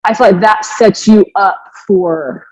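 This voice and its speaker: An earnest woman in her forties tells her story as a fitness coach, animated and full of restarts. Her voice sits in the middle range. The recording is close and dry, with a slightly dull, muffled tone. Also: mid-range voice, a little slow, no echo. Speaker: fitness coach and podcast guest. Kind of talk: emotional personal storytelling.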